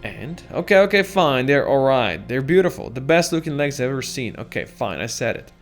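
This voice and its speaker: A man's voice: fairly low pitch, very animated, moderate pace, creaky, a bit bright, soft background music, exaggerated voice. A man playing a grudging young adventurer. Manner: reluctant, grudging.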